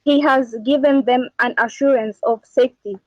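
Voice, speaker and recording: A woman's voice: sits high, steady tone, moderate pace, no room sound. A woman calling into a debate, hesitant and defensive, heard over dull call audio. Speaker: caller.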